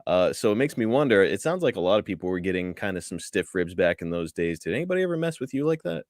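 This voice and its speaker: Low-voiced man hosting an interview, dry sound. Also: very animated, quick pace, a little mellow, no room sound. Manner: easygoing, hesitant questions. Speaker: podcast host. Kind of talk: interview questions.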